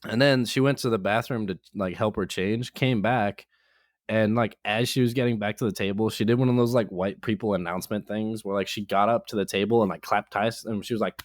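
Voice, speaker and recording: A man co-hosting a podcast, telling a casual story in an animated way, acting out other people's lines and saying "like" a lot. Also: fairly low pitch, fairly quick, no echo, studio quality. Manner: peppers speech with "like". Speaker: podcast co-host.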